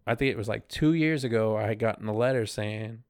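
A man with a low, gravelly voice telling a story in a laid-back podcast chat. He talks in loose slang and quotes other people along the way. The sound is dry and close. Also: a little fast, darkish tone, no echo. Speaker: podcast co-host.

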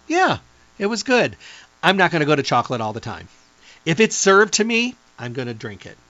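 Chatty middle-aged guy selling a health drink, kinda high voice, dry dull sound. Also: fairly bright tone, dry recording. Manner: chatty, enthusiastic, rambling lists. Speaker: product presenter and nutrition lecturer. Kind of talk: enthusiastic product pitch.

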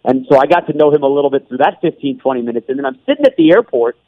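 A man's voice: fairly high pitch, very animated, rapid-fire, vocal fry, dry recording. Chatty male broadcaster on a dull line. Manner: rambling, chatty, often laughing. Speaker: play-by-play broadcaster, guest. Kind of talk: radio interview chat.

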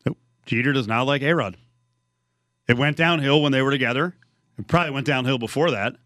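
A man's voice: medium pitch, a little fast, a bit bright, no echo, studio quality. A man hosting sports talk radio, bantering wryly and reading ticket promos.

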